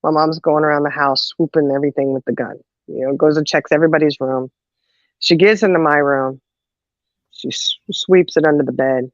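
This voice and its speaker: A woman's voice: low voice, fairly quick, no room sound, lo-fi sound. A woman telling a family story in a casual chat, laughing often and acting out the voices of the people in it. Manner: animated, laughs often, acts out quoted voices. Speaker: podcast co-host telling a story.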